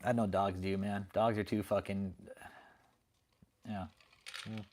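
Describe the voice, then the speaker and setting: A man's voice: on the low side, level tone, slow, noisy background. Laid-back man chatting on a livestream. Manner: laid-back, profane, laughing a lot. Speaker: livestream host. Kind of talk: casual chat.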